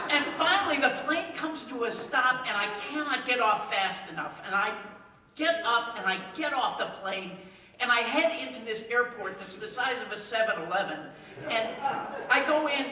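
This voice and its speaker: A man telling a comic story live on stage, with deadpan timing and wry asides. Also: extremely high pitch, slight background noise. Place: stage in a hall before an audience. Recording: echoey hall, mic far off.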